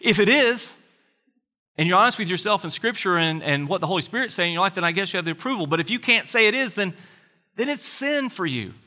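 A man's voice: high-pitched, expressive, fast talker, pushed and bright, long reverb tail. A man preaching a sermon as a pastor, earnest and conversational, asking his listeners rhetorical questions.

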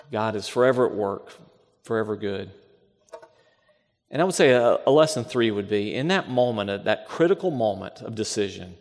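A man preaching a sermon as pastor, emphatic, asking rhetorical questions and repeating phrases. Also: on the low side. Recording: long reverb of a large hall.

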